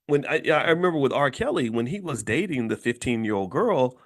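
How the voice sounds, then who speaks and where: A middle-aged man from Louisville, Kentucky, speaks in a mid-range voice that is brisk and expressive. As a commentator host, he delivers a blunt, lecturing monologue in a casual style.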